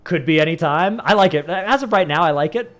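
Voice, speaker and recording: A man's voice: a little high, expressive, a little fast, fairly bright tone. A man with a Northern Californian accent, a livestreamer chatting casually with his viewers, rambling and dropping "like" into many sentences. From San Francisco Bay Area. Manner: rambling, says "like" a lot.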